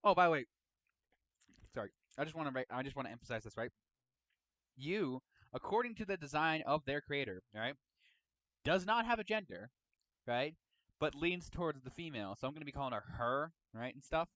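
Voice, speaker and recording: Man, casual rambling storyteller, tags lines with "right?", animated pitch, dry close mic. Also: fairly quick, pauses often, dry recording, rough recording. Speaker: host and storyteller. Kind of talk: casual chat about a roleplay story.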